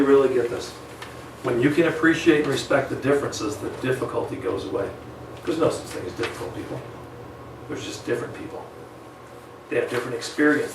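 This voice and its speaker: A man with a creaky, medium-pitched voice teaches a live sales training seminar with lots of energy, acting out client phone calls and deliberately varying his speed. The mic is distant in an echoey room, with a little hiss or hum.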